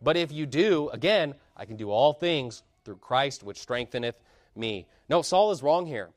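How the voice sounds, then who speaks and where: A man preaching a sermon with passion, building to loud emphatic peaks and dropping into low, quiet asides. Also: lively intonation, measured pace, no echo, studio quality.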